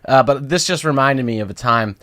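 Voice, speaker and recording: A man's voice: medium pitch, a little fast. A man co-hosting a podcast in casual chat, telling rambling stories and acting out quotes. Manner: rambling storyteller, acts out quotes loudly. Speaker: podcast co-host.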